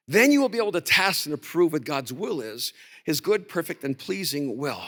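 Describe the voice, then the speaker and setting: A male pastor delivering a conference sermon, telling a story and swinging from quiet to shouting. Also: a little high, animated, moderate pace. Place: large conference hall. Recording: reverberant large hall.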